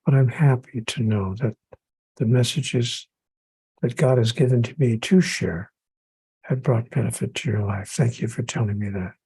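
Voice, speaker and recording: Gravelly-voiced man speaking earnestly. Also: medium pitch, normal speed, mellow, dry recording, poor audio. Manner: earnest, builds points through repetition. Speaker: author and podcast guest. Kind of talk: spiritual conversation on a podcast.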